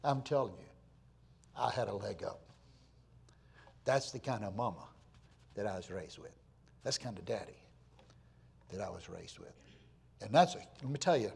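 A man in his fifties or sixties preaches through a family story in a middle-pitched voice. He is folksy and emphatic and repeats words for weight. His voice swings from loud to a near hush. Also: gravelly, slightly rough. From Florida, USA. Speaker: pastor. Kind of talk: storytelling sermon.

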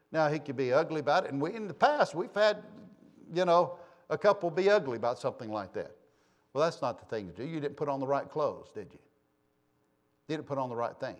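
A man's voice: on the high side, expressive, a little fast. A man preaching a sermon in a church, folksy and conversational, teasing members of his congregation. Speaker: pastor. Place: church sanctuary.

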